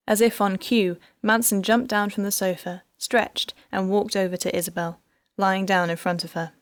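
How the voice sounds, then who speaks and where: A woman narrating an audiobook in a soft, measured way. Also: no room sound, clean studio sound. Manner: soft, measured, lowered narration between dialogue.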